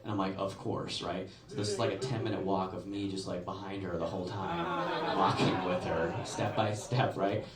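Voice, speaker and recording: A deep-voiced man in his forties works through a stand-up set at a moderate pace amid heavy background noise. He tells stories animatedly and performs the characters' voices, heard from afar in an echoey club with the audience.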